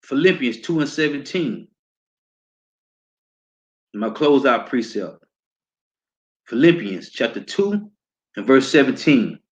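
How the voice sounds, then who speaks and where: American guy going through bible verses real slow, keeps saying man, muffled lo-fi audio. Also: medium pitch, very animated. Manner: reads verses slowly, repeats "man" as a tag. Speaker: teacher. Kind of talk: scripture teaching. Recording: dull lo-fi sound.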